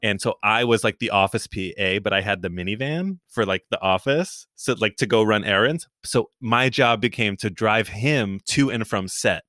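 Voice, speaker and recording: A man's voice: on the low side, moderate pace, hardly any pauses, bright, forceful tone, no room sound, studio quality. A man from New York, in his thirties, chatting casually as a podcast guest, rambling with many restarts and frequent laughter. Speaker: guest, comedian.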